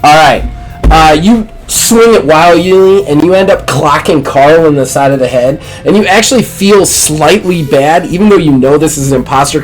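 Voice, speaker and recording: A man's voice: fairly high pitch, poor audio. A man acting as game master, narrating a tabletop role-playing game in a casual way, with fillers.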